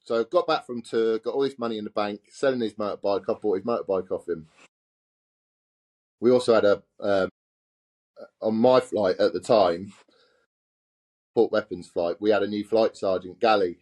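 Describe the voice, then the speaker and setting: Un hombre con acento de Essex que cuenta anécdotas en tono informal, suelta palabrotas a menudo y se ríe mientras habla. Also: male voice, lowish voice, normal speed, darkish tone. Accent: Essex English. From England. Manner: swears freely, laughs while telling stories. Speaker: podcast guest. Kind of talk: casual storytelling.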